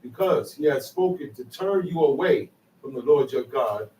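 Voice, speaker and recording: A man's voice: medium pitch, lively intonation, normal speed, mellow. A man in a congregation reading scripture aloud. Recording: echoey room from far off.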